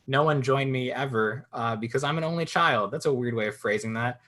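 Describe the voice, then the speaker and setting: A young man doing a stand-up comedy set from home, telling jokes with deadpan punchlines and acting out silly voices. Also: medium pitch, brisk. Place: at home in a swivel chair.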